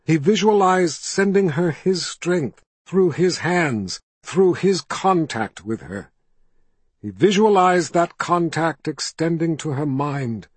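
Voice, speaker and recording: A man narrating a fantasy novel as an audiobook, telling the story in a measured, steady way. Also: on the high side, husky, dry recording.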